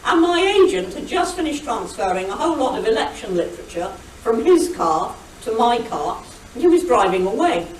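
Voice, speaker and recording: A woman's voice: on the high side, sing-song. Witty older woman in an echoey hall. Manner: brisk, witty storyteller, mimics shouted quotes. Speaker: guest speaker. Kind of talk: anecdotal after-dinner talk. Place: meeting hall. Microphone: recorded over a video call. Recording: echoey hall, distant, faint hiss, over video call.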